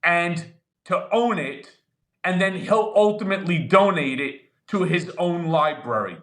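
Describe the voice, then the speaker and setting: A man in his fifties co-hosting a political chat, blunt and animated, laughing as he talks. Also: high-pitched, a little slow. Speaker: co-host.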